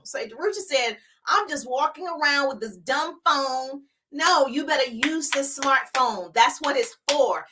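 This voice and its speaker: Fired-up woman coach, high and bright. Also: low-quality recording. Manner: emphatic, hyped, pep-talk urging; chatty, laughs between points. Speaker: business coach. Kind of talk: live-streamed motivational business talk.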